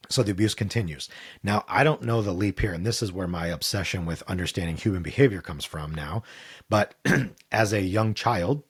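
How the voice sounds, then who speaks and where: A man's voice: low-pitched, slightly rough. A middle-aged man, a podcast guest, candidly telling a personal story in an interview and acting out the voices he quotes.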